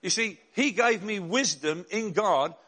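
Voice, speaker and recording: High-voiced middle-aged preacher. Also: male voice, fairly bright tone. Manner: storytelling, slows and rises for emphasis. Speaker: pastor. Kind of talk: sermon.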